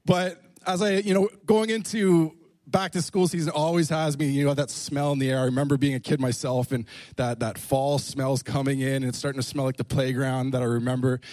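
A man's voice: medium pitch, flat delivery, a little fast, a little mellow, dry recording. A young adult man preaching in a church, telling jokey stories in a playful way. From Canada. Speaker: pastor. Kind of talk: lively sermon with humor.

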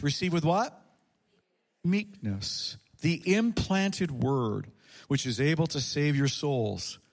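A man preaching a sermon as a pastor in a church, his volume rising and falling for emphasis. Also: on the high side. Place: church sanctuary.

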